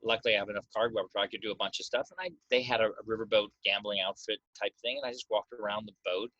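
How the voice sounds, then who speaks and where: Man, low voice, bright edge, relaxed reflective chat, dull dry lo-fi recording. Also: quick pace, no echo. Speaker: magician guest. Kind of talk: casual interview chat.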